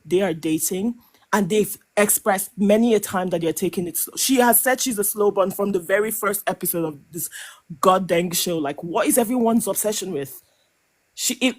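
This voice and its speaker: Woman panel guest, impassioned live commentary, halting restarts, emotional edge, mid pitch. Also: darkish tone. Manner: emphatic, halting with many restarts and stammered repeats. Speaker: panel guest on a reality show podcast.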